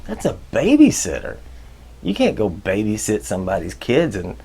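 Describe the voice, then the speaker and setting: A man with a gravelly, fry-edged voice gives casual workplace advice as the host of a leadership video. His pitch swings widely from loud, high bursts down to low muttered asides, and he keeps it chatty and joking throughout. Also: wildly swooping pitch, normal speed.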